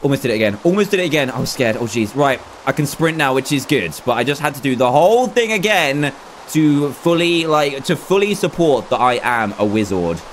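A young man giving excitable, dramatic running commentary as he plays a video game. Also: mid-range voice, fairly quick, slight background noise. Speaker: gaming YouTuber. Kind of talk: Let's Play commentary.

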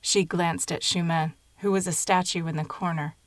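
A woman narrating a short story in a measured, even storytelling manner. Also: on the low side, no room sound.

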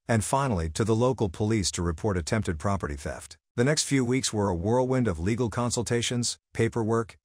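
Husky male narrator with a low but lively delivery, reading a first-person story in a dry, close sound. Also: dry recording.

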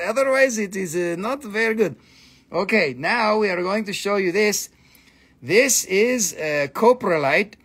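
Playful high-voiced man hosting a sale. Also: a bit bright. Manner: joking, playful chanting, laughs often. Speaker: live sale host. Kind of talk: live sale commentary. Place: indoor shop.

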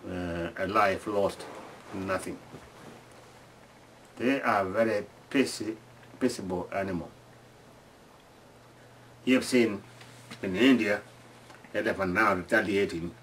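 Cast: male storyteller, lowish voice, halting delivery with restarts, recorded away from the mic. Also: fairly bright tone, far from the mic, slight background noise. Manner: halting, many restarts, acts out sounds and screams. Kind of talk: casual oral storytelling.

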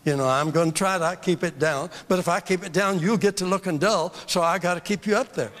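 In a church hall with the long reverb of a large space, an older man leads a seminar in a fervent, emphatic sermon style, repeating phrases to drive points home. His voice is high, brisk and fairly bright.

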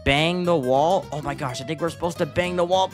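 A man giving excitable gameplay commentary, gasping at scares and calling the viewers dude. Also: a little high, normal speed, faint music behind. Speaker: gaming YouTuber.

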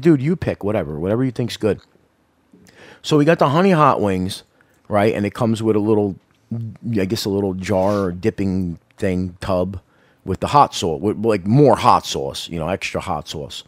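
A man's voice: on the low side, lively intonation, normal speed, no room sound. Swearing, rambling male radio co-host. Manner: loud, rambling, swears constantly, laughs a lot. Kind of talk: casual profane radio banter.

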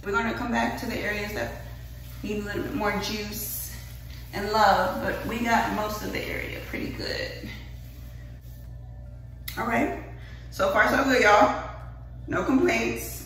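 A woman's voice: mid-range voice, steady tone, fairly bright tone, slight background noise. A young woman, talking casually to viewers about her hair and a little out of breath. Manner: chatty, rushed, addresses viewers as y'all. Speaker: beauty vlogger. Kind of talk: casual hair-care vlog. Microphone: phone camera at a distance. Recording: echoey room, phone mic at a distance.

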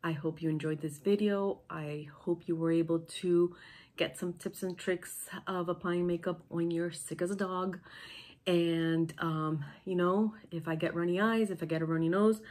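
A woman's voice: on the low side, fairly even intonation, moderate pace, a little mellow. Sick, nasal-voiced woman vlogger. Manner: chatty, talks through each step. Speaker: beauty vlogger. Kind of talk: makeup tutorial.

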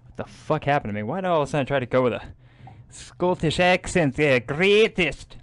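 A young man streaming a video game, joking excitedly and swearing as he plays, laughing at his own jokes. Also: fairly high pitch, brisk, clean tone. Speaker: gaming livestreamer. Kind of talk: casual let's-play commentary. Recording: game music playing behind the voice.

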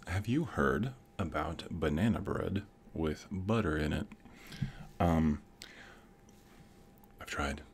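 A middle-aged man hosting an ASMR channel, rambling in a soft whisper in whispered role-play. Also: extremely low pitch, slight background noise. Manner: rambling, softly whispered musing.

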